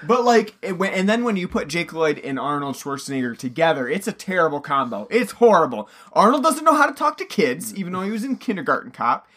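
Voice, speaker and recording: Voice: mid-range voice, very animated, a little fast, few pauses, fairly bright tone. A podcast co-host in a casual movie-review chat, giving blunt, critical opinions.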